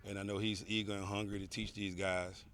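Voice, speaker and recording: A man, a high school head football coach, giving an earnest outdoor interview at practice, often saying "you know" and repeating words. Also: level tone, a little fast, fairly bright tone, a little hiss or hum. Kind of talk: on-field interview.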